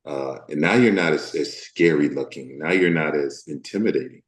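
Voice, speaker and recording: An actor from the US Deep South sits for an interview in an echoey room, speaking candidly. His delivery is considered yet faltering, dotted with fillers.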